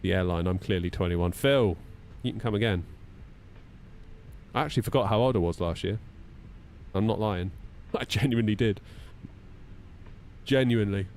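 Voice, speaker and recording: Man, 30s, low voice, chatty live-stream host, reads checklists aloud. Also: normal speed, pauses often, a little mellow, slight background noise. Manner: chatty, self-deprecating, talks through checklists. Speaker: flight-sim streamer. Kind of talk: casual live-stream chat.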